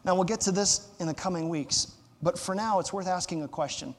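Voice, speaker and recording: A man's voice: high voice, fairly quick, slight background noise. A man preaching a sermon as pastor, emphatic, repeating phrases for stress and asking the congregation to fill in words. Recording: long hall reverb.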